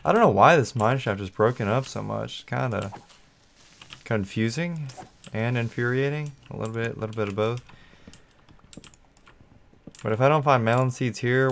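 A man hosting his own gaming channel, giving solo gameplay commentary in a rambling, think-aloud way and talking to his viewers. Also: on the low side.

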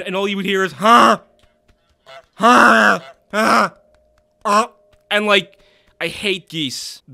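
With a high voice, this game streamer keeps his commentary casual and excitable, readily shouting and cursing at the characters. He often wanders off into meandering stories, restarting them again and again.

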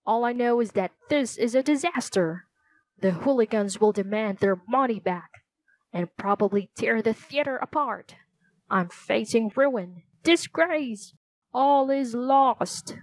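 A woman's voice: fairly high pitch, lively intonation, slow, no echo. A woman voicing a panicking, hysterical male theater owner who wails and pleads frantically. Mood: frantic. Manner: wailing, frantic and dramatic.

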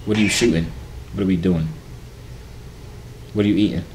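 A man's voice: deep voice, steady tone, normal speed, music in the background. A man hosting a casual reaction vlog, reading fan messages with playful, slangy, teasing asides.

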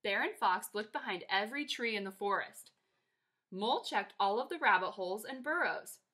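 A woman teacher reading a children's picture book aloud to her class in a lively, expressive way. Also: mid-range voice, normal speed.

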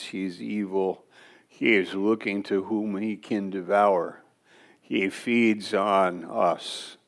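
A man teaches a church Bible class at an unhurried, deliberate pace. His low voice has a gravelly edge, and he talks in a loose, conversational way that wanders into asides.

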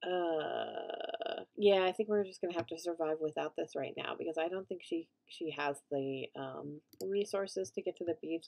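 A young woman giving chatty gameplay commentary as a let's play host, reacting loudly and laughing often. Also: lowish voice.

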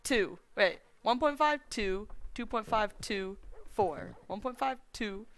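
A woman's voice: mid-range voice, lively intonation, takes it slowly. A woman streamer giving live gameplay commentary, thinking aloud and rambling to herself with playful folksy slang.

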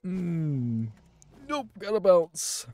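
A man's voice: high-pitched, very animated, extremely slow, a little mellow. A man giving profane, exasperated gameplay commentary and taunting game enemies aloud. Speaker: gaming YouTuber.

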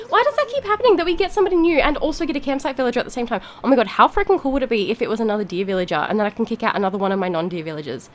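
Excitable woman YouTuber, high lively voice, faint music underneath. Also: racing. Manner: gushing, excitable, swears mildly; bubbly, giggly. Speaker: gaming YouTuber. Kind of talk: casual gameplay commentary.

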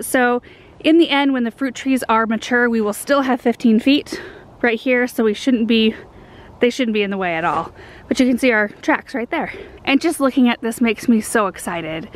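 Higher-voiced woman hosting a garden vlog. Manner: chatty and rambling, with frequent ums. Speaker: gardening channel host. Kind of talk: casual vlog walkthrough. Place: outdoors in a large home garden.

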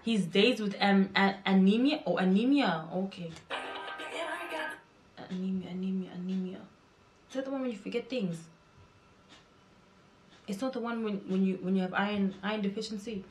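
A woman's voice: mid-range voice, fairly quick. Chatty woman reacting in an echoey room. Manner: chatty, excitable, repeats words in bursts. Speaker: reaction video host. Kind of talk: casual reaction commentary. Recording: echoey room with music behind. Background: music video playing.

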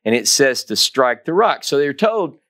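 A man's voice: medium pitch, sing-song, normal speed, a bit bright. A man giving a Torah teaching, reading scripture dramatically and stressing key phrases by repeating them. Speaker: Bible teacher.

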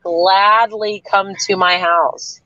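A woman's voice: mid-range voice, fairly even intonation, slow pace, pushed and bright, no room sound, dull audio. A woman from the US South with a Canadian-tinged accent, talking bluntly and with plenty of swearing as a guest on a livestream. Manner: blunt, profane, defiant. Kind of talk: livestream chat.

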